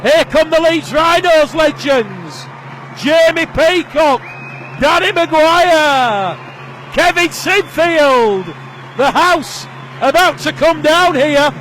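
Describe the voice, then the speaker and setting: A man calling a live rugby league match, his voice rising to shouts on big plays. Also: very high voice, expressive, slow pace. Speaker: play-by-play commentator. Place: stadium commentary position. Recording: broadcast with crowd and ambient noise. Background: crowd noise.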